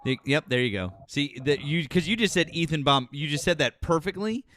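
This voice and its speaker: A man's voice: fairly high pitch, lively intonation, a little fast, fairly bright tone. Teasing male talk-show host. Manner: teasing, mocking. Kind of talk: casual call-in chat.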